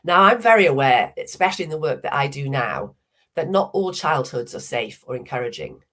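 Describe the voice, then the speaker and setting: A woman speaker with a cold, hoarse and croaky, telling a personal story at an online summit in a measured way. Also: rumbling low, sing-song, a bit bright. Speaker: speaker, hypnotherapist.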